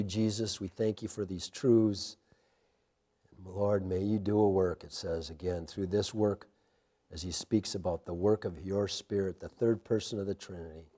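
A man preaching a sermon in a church sanctuary, with impassioned rises and a hushed closing prayer. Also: deep voice. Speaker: pastor.

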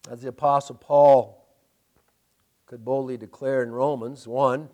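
A male pastor preaching a sermon, animated, with sarcastic asides and laughter. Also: medium pitch, a little slow.

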